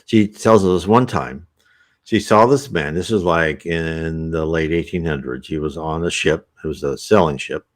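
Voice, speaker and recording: A man's voice: very deep voice, unhurried. A man reading an old text aloud and adding rambling, casual commentary. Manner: rambling, animated, many restarts. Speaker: reader and commentator.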